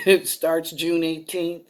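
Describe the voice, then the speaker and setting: A woman's voice: deep voice, level tone, slow pace, a little mellow. A middle-aged woman hosting a psychic talk show, speaking in a folksy, emotional way that calls the viewers y'all, and choked up and close to tears. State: tearful, choked up.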